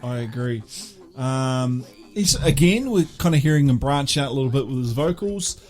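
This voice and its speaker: Laid-back Kiwi man, lively voice. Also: medium pitch, moderate pace. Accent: New Zealand. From New Zealand. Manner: laid-back, laughs often, reads from notes. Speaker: podcast co-host, album reviewer. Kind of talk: casual chat.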